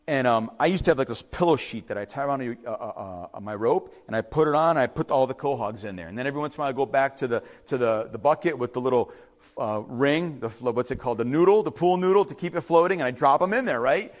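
A middle-aged man, a pastor, telling a story in his sermon and then preaching with rising emphasis. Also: fairly high pitch.

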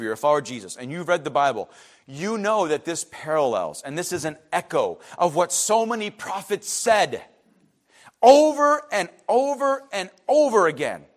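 A man preaching a sermon as pastor, passionate and animated, breaking off for quick asides to the congregation. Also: fairly high pitch.

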